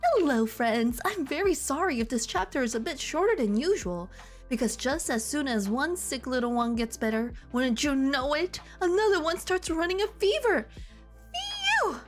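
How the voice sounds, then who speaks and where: A woman's voice: high-pitched, big pitch swings, normal speed, soft background music, pitched above the performer's own voice. Woman putting on a chirpy pious mommy-blogger voice. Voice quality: sing-song, sugary. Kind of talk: reading aloud in a put-on voice.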